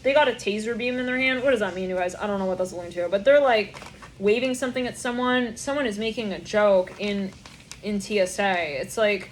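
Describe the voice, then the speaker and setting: Young woman, tarot reader, rambling, swears a lot, mid pitch, faint background noise. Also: brisk. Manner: rambling, stream-of-consciousness, frequent swearing and laughter. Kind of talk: channeled tarot reading.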